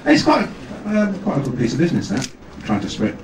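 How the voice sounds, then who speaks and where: A man, a guest actor at a fan convention, telling self-deprecating anecdotes on stage with halting restarts. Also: fairly high pitch, wildly swooping pitch. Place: large hall with audience. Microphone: far camera, amateur video. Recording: echoey hall from far off, noisy amateur video.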